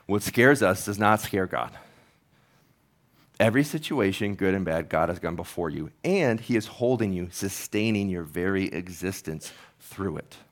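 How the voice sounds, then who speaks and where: A man's voice: sits low, animated, moderate pace. A man who is a pastor, preaching a sermon in an earnest, conversational, storytelling manner.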